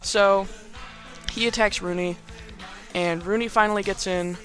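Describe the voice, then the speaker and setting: A man's voice: high voice, fairly even intonation, unhurried, a bit bright, faint music behind. A young man hosting a podcast, casually recapping a movie in a rambling, filler-heavy, playfully sarcastic way. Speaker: podcast host.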